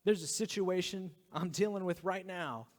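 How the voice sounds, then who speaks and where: An earnest male pastor in his thirties preaches with a slightly high voice, sinking now and then to a near whisper to stress a point. His words ring out with a long, lingering reverb from a large church hall. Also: moderate pace. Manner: earnest, drops into hushed whispers for emphasis. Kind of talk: sermon.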